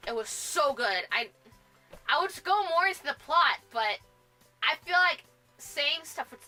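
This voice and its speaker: Bubbly, bright-voiced woman gushing over books. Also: high voice, rough recording. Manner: bubbly and gushing, laughs often. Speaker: book vlogger. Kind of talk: casual book review vlog.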